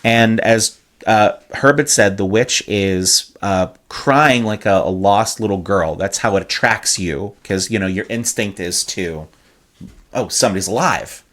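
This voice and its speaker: Man, slightly low voice, casual podcast chat, wordy explainer, swears freely. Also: unhurried, a bit bright. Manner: explains game lore with hyperbole and cursing. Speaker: podcast co-host.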